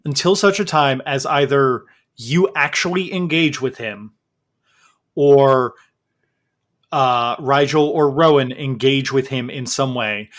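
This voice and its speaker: Unhurried man running a tabletop game. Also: medium pitch. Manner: relaxed, joking, loose with fillers. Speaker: game master.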